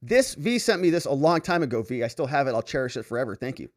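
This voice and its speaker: A man hosting a livestream, casually reading out viewer comments and chatting about them with quick asides. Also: mid-range voice, very animated. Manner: chatty, reads comments aloud with asides and laughs.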